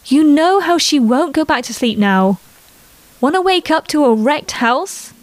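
A woman's voice: sits high, expressive, unhurried, dry recording, pitched above the performer's own voice. A woman voicing a playful, cheerful young mother. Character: amused, teasing young mother.

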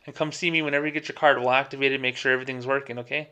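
A man's voice: mid-range voice, racing, clear, resonant tone, dull audio. A man, a podcast co-host, telling a story in a casual way and acting out the other people's lines as he goes. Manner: animated retelling that acts out quoted dialogue. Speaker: podcast co-host, former bank employee.

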